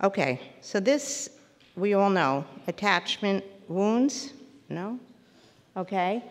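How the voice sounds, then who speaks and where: A woman therapist giving a parenting lecture to a live audience, animated and acting out little scenes as she teaches. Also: mid-range voice, slow, big-room sound. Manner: animated, acts out little scenes with quoted voices.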